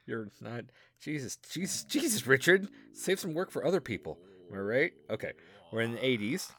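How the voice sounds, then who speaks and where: A man's voice: mid-range voice, very animated, moderate pace, fairly bright tone. A man co-hosting a podcast in casual banter, wry and teasing, muttering asides to himself. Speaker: podcast co-host.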